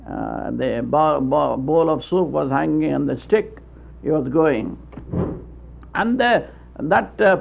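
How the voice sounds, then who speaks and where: A man's voice: fairly high pitch, gravelly. A man preaching a sermon in an earnest, folksy way, chuckling and stumbling over his words. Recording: tinny old radio broadcast.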